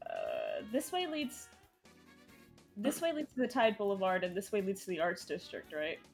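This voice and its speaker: A woman playing in a tabletop game, chatting in a giggly, lively way. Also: mid-range voice, normal speed, gravelly. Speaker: player. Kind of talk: casual chat while playing a tabletop game. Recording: faint music behind.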